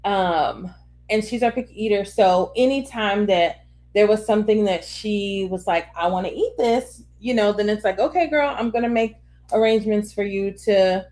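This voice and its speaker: A woman's voice: medium pitch, normal speed. A woman in her thirties co-hosting a podcast, telling stories in casual chat and acting them out with laughter. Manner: animated storyteller, acts out scenes with laughter. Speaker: podcast co-host.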